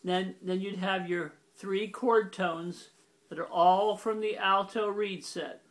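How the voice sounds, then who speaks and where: Loud accordion music runs beneath this teacher's high-pitched, fairly even voice as he takes things slowly. In a relaxed demonstration, he walks through the instrument step by step in a plain, methodical manner and occasionally pauses to fix what he said.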